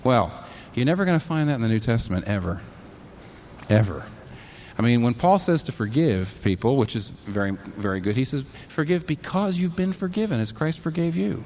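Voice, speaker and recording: Guy preaching, pitch jumps all over, keeps throwing questions at the crowd, faint hum behind. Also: brisk. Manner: animated, argumentative, quotes imagined objectors with rhetorical questions. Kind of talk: sermon.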